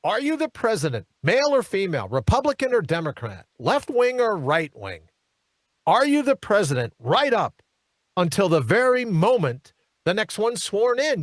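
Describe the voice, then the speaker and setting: Male talk host, high-pitched and lively, pounding rhetorical questions, dry studio sound. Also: normal speed, no room sound. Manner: emphatic, hammering rhetorical questions, mocking asides. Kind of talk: political commentary monologue.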